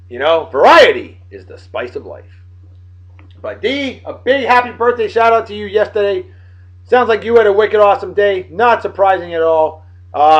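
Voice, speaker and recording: Man, late 30s, beer vlog host; boisterous and self-hyping, slightly high voice. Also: lo-fi sound. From Martha's Vineyard, Massachusetts. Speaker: host of a beer-of-the-day show. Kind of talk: casual beer-tasting vlog.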